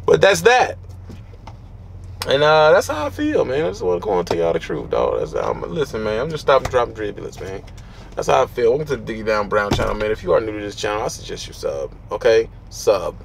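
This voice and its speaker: A man's voice: lowish voice, wildly swooping pitch, brisk, creaky, slight background noise. A man who drives a truck, giving blunt, preachy advice in street slang from his truck cab. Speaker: trucker vlogger.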